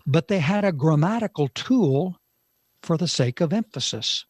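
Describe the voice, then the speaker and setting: Slow, emphatic male Bible teacher. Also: fairly high pitch, lively intonation, breathy edge, no room sound. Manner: slow, emphatic, with dramatic pauses and shifts in loudness. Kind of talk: Bible teaching on a talk show.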